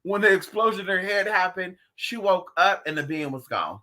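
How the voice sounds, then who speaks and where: Livestream host, animated and profane, storytelling casually to viewers. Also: medium pitch, moderate pace. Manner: talks straight to viewers.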